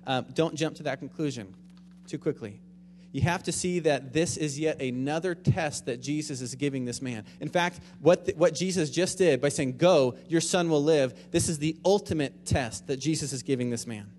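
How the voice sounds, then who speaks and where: A man preaching a sermon in a conversational way, moving between quiet, reflective stretches and louder, emphatic ones. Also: on the high side, moderate pace, long reverb tail, a little hiss or hum. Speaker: pastor.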